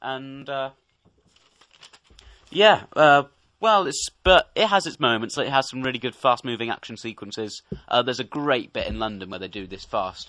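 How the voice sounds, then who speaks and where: A man's voice: mid-range voice, pushed and bright, no echo. Wry young man reviewing a film. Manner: chatty, wry, laughs easily. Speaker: co-host. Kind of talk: casual podcast film review.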